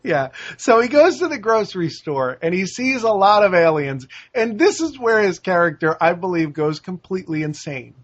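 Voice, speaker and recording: A man co-hosting a casual movie review podcast, animated and breaking into quick impressions of the characters. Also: high-pitched, highs cut off. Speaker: podcast co-host.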